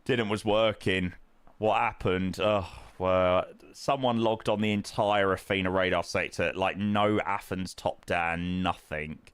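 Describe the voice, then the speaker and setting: A man's voice: sits low, fairly even intonation, a little slow, a bit bright, clear, resonant tone, no echo. A young man streaming a flight sim, chatting casually with viewers in matey banter full of fillers. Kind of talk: casual live-stream chat, answering viewers.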